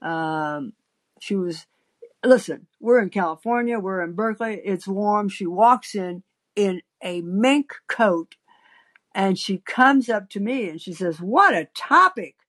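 A woman's voice: mid-range voice, slow. A woman hosting a call-in podcast, telling a rambling, anecdotal story full of fillers and restarts. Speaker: podcast host.

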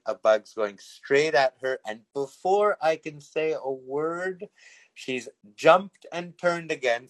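A middle-aged man from Canada tells a story in a loose podcast style. He speaks at a middling pitch, wanders through fillers and restarts, and chuckles as he talks. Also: a bit bright, low-quality recording. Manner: rambling, many fillers, chuckles while telling. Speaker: podcast host. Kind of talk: casual storytelling.

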